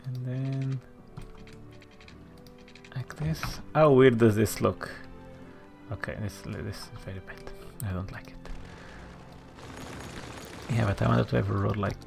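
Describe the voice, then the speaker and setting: A let's-play commentator thinking aloud while building in a game, muttering to themself and sometimes dropping to a soft near-whisper. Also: medium pitch, fairly even intonation, a little slow, vocal fry, pauses often, soft background music. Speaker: gameplay commentator.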